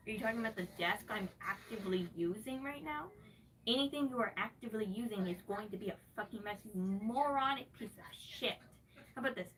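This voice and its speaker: A woman's voice: on the high side, a bit bright, far from the mic, slight background noise. A woman live streamer ranting at her chat from her bedroom, sarcastic and swearing constantly. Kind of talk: angry rant to chat. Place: her bedroom, moving around.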